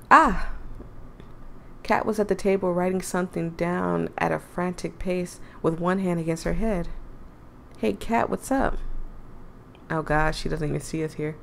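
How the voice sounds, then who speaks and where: A woman's voice: on the low side, moderate pace, creaky, long pauses, fairly bright tone, a little hiss or hum. A young woman hosting a casual game playthrough, chatting, giggling and rambling in asides. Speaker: gaming channel host. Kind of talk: casual let's-play commentary.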